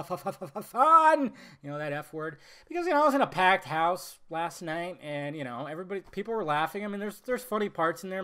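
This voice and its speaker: A man giving a casual, blunt film review, swearing freely and talking in an animated way. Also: sits high.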